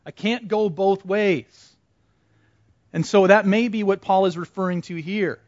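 A man's voice: high voice, a little slow, no room sound, lo-fi sound. A man teaching a Bible study class in a conversational way, putting questions to the group and repeating their answers back to them.

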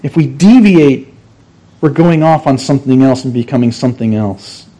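A man's voice: mid-range voice, normal speed, warm tone. A man preaching a sermon, teaching earnestly and stressing key phrases through repetition. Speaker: pastor.

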